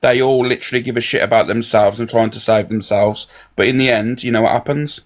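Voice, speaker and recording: A man's voice: mid-range voice, steady tone, quick pace. A man ranting in a heated live chat, confrontational and swearing. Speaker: live stream guest.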